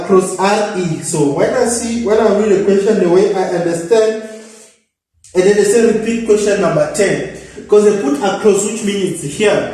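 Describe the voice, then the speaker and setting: High-voiced man tutoring, echoey room. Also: mellow. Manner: thinks aloud, repeats himself, addresses viewers as guys. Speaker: electrical engineering tutor. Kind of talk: informal problem-solving lesson. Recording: echoey room, mic at a distance.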